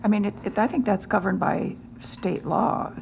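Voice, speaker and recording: Gravelly, hesitant woman in a meeting. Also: medium pitch, normal speed, a little mellow, a little hiss or hum. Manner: hesitant, repeats words while thinking. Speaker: committee member. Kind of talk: committee meeting discussion.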